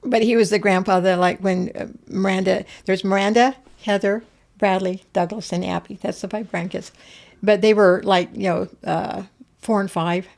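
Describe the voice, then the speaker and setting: Her voice is gravelly and medium-pitched, moving at a moderate pace. This older woman, a guest in a laid-back interview, relates family stories animatedly and acts out the voices of those she quotes.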